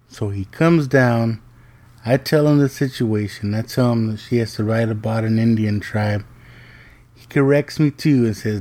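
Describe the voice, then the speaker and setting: Male host, middle-aged, unhurried delivery, warm, dark tone, casual joking storyteller. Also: mid-range voice. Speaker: podcast host. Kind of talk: casual monologue.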